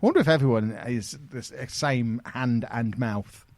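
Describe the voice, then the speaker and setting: A man hosts a relaxed podcast and ribs his co-hosts in a playful, bantering way. His voice sits at a middle pitch and sounds close and dry, with no room around it. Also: normal speed, dry recording. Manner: teasing, banter-driven. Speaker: podcast host. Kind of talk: casual chat.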